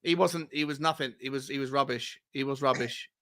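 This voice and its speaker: A man with an English accent chatting on a casual football talk show, relaxed and chuckling as he asks questions. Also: medium pitch, a little fast.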